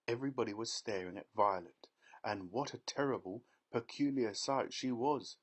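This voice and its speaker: A man reading a children's novel aloud as an audiobook narrator, in measured storytelling. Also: medium pitch, breathy edge.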